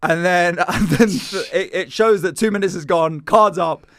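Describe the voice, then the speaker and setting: A man's voice: sits high, moderate pace, no echo, clean studio sound. A man telling a comedy-gig anecdote in casual chat, acting out the voices in it. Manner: animated anecdote-telling with acted-out quotes. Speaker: comedian guest.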